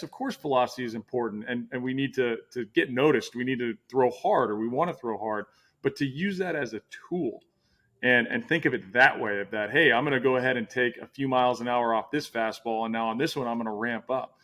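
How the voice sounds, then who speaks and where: A man's voice: mid-range voice, fairly quick, fairly bright tone. A middle-aged man hosting a casual interview, talking in a rambling way with many restarts. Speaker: podcast host.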